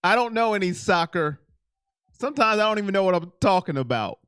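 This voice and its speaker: A man's voice: high-pitched, brisk, smooth, no room sound, studio quality. A middle-aged man hosting a casual sports live stream, chatting and reading viewer comments aloud. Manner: animated, reads chat aloud and reacts.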